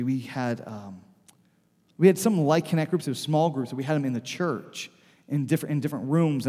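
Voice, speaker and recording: A man's voice: mid-range voice, a little mellow, breathy edge. A male pastor telling stories in a loose, conversational sermon before his congregation. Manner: conversational, loose storytelling with frequent "like". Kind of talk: storytelling sermon. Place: church sanctuary before a congregation. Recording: long church hall reverb.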